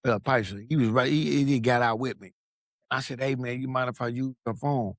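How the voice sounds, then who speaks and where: This podcast guest from Long Beach, California tells his story casually and animatedly, swearing freely and acting out the voices of people he quotes. His mid-range voice moves briskly, and the studio-quality recording has no echo.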